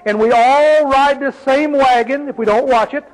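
A man's voice: very high-pitched, normal speed, rough recording. A man preaching a sermon in an emphatic, folksy way, full of rhetorical questions.

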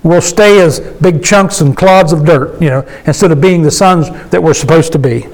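A man with a high voice preaches in a loose, conversational way to a small gathering. He is folksy and emphatic and keeps asking the congregation questions. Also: moderate pace, a little mellow, low-quality recording. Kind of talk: conversational sermon with call and response.

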